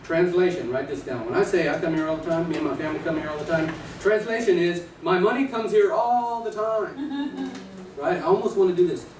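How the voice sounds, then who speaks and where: A man teaches a live class in a slightly raised voice, acting out scenes and quizzing the room. The recording is roomy and distant, with a noisy background. His talk is playful and energetic. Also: on the high side, quick pace. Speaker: real estate trainer. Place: training room with an audience.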